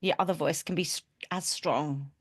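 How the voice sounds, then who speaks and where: A woman's voice: low-pitched, fairly even intonation, normal speed. A woman guest on a podcast, talking earnestly and reflectively in casual chat.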